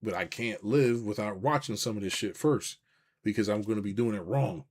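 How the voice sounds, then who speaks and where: A young man with a fairly low voice talks casually to his live-stream viewers. He rambles, swears freely and keeps restarting his sentences, reading chat comments as he goes. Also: moderate pace, darkish tone. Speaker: business coach hosting a live stream.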